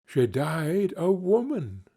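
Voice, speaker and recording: Man voicing a soft solemn ghost, slow measured words, storybook. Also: on the high side, very animated, creaky, breathy edge, pitched above the performer's own voice, full character voice.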